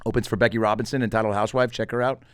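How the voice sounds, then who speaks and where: A middle-aged man with a lowish, clean voice hosts a comedy podcast, recorded in studio quality with no room sound. He tells stories loosely and jokingly in a casual solo monologue, animated and swearing freely, doing quick voices when he quotes people.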